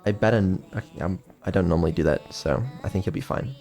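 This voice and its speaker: A man's voice: deep voice, fast, gravelly, dark tone. A man chatting casually on a stream, rambling and offhand with lots of ums and casual swearing. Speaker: streamer and developer.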